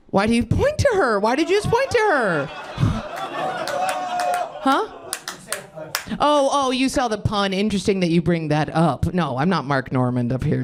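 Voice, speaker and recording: A woman's voice: medium pitch, background noise. A woman in her thirties doing crowd-work stand-up comedy on a club stage, rambling, cutting herself off and laughing at her own jokes. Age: 30s.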